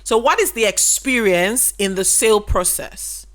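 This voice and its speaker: She speaks a little slowly in a mid-range voice with lively intonation. A business educator, she offers a casual lesson to camera, asking rhetorical questions and repeating the key ideas to stress them.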